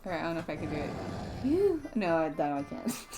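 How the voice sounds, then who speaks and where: A woman's voice: sits low, sing-song, fast talker, music in the background. A woman co-hosting a gaming stream, chatting casually with teasing, joking banter. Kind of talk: casual chat while gaming.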